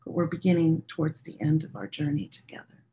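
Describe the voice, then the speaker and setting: Woman with a slightly low voice, leading a chant practice; gentle, unhurried, plainspoken and candid. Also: muffled recording, a little hiss or hum. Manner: talks directly to listeners in a plain, candid way. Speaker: meditation and prayer teacher.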